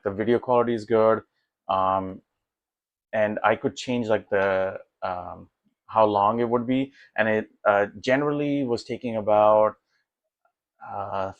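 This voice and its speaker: A man with a fairly low voice chats through his tech test results in an easygoing, rambling way. He leans on fillers and restarts his sentences, sounding excited more than polished, and the dry recording has no room echo. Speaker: tech vlogger. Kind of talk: casual walkthrough commentary.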